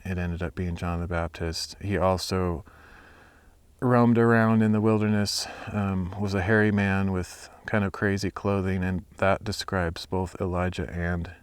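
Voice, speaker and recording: Deep-voiced man reading scripture outdoors. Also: fairly even intonation, a little slow, smooth, dry recording. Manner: thinking aloud with many fillers and restarts. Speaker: Bible reader and hiker. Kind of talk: casual reflection and Bible reading outdoors. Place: outdoors in nature at sunset.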